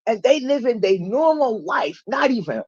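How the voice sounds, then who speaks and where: Animated blunt woman telling her story. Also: moderate pace, breathy edge, dry recording, dull audio. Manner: animated, acts out quoted people in raised pitch, blunt and profane. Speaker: channel regular telling her recovery story. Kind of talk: casual livestream storytelling.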